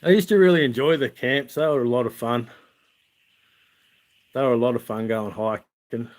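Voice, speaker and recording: A man's voice: medium pitch, normal speed. An Australian man, the channel host, chatting on a livestream from outdoors at night and laughing through funny camp stories. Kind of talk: casual livestream storytelling.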